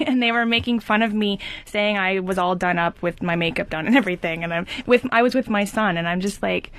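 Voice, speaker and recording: A woman from Canada, a guest on a radio show, talking in a hesitant, halting way with frequent laughs. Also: medium pitch, fairly bright tone, clean tone. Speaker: studio guest. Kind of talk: casual talk radio conversation.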